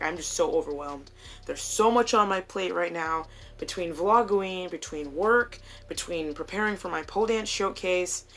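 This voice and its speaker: A woman's voice: fairly low pitch, a bit bright. A young woman vlogging casually to her phone camera while doing her makeup at home, chatty, joking and candid, with plenty of swearing.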